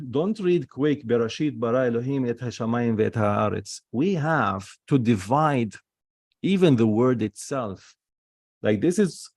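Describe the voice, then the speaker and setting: A man's voice: medium pitch, darkish tone, no echo, clean studio sound. A man teaching an online Hebrew reading lesson, patiently sounding words out syllable by syllable and repeating key points.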